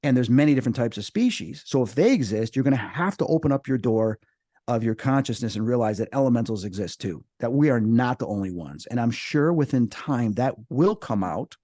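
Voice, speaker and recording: A middle-aged man shares his paranormal encounters in a casual, animated storytelling manner. His voice sits at an ordinary pitch, and the recording is dry, with no room sound. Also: a little fast, no echo. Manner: animated, acts out quoted voices. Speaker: paranormal investigator guest.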